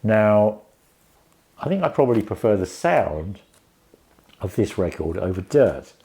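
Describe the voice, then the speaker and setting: Man, deep voice, warm dark tone, rambling casual review. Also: big pitch swings, unhurried, vocal fry. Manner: rambling, many restarts and fillers. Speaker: vinyl record reviewer.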